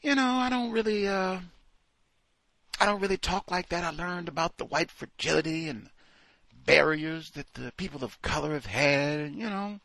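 Airy dismissive woman defendant as a man puts her on, lively swings in tone, soft. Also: fairly high pitch, moderate pace, creaky, dry recording, heavily acted. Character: flippant white woman defendant, giggly.

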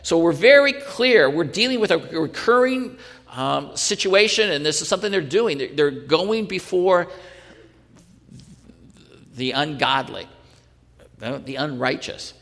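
A man's voice: on the high side, lively intonation, measured pace, vocal fry, long pauses, fairly bright tone, big-room sound. A male pastor teaching a sermon in earnest, pressing the point with rhetorical questions and restarting his sentences.

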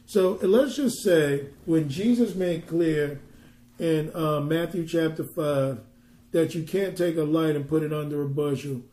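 A man's voice: on the high side, a little slow, dark tone, reverberant. A man ministering, teaching a Bible passage conversationally and pressing his points with emphatic rhetorical questions.

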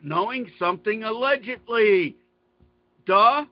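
A man's voice: high-pitched, animated, slow pace, dull audio. A man in casual chat who rambles through emphatic, profane rants.

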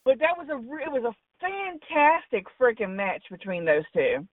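A woman's voice: a little high, sing-song, normal speed, dry recording. A woman calling in to talk wrestling, blunt and opinionated, swearing freely. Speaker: call-in wrestling commentator. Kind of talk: casual call-in chat. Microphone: phone call. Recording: tinny phone line, far from mic.

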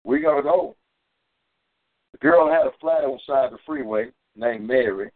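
A man delivers a sermon woven with his own street stories, urging his listeners to help others. His voice sits in a middle register but jumps high whenever he acts out a holler. It all comes through a thin, tinny phone line. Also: fairly quick, no echo. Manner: fervent storytelling, climbing high for quoted shouts. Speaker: preacher on a community call. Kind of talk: sermon with personal testimony.

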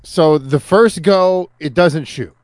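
A man co-hosting a podcast, telling a story in a relaxed, casual way. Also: on the high side, slow pace, no echo. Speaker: podcast co-host. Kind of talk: casual chat.

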